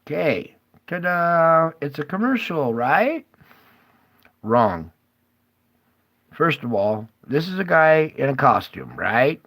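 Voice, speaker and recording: A man's voice: a little high, big pitch swings, a little slow, creaky, few pauses, a bit bright, dry recording. A man rambling as he hosts a conspiracy video, breaking up his talk with questions to the viewer. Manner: rambling, keeps asking "okay?".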